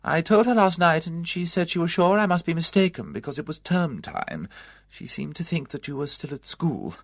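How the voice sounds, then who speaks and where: A reader voicing a cheerful, competent matron of about fifty, chatty, brisk and comfortable. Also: medium pitch, lively intonation, no echo, studio quality, voice pushed up.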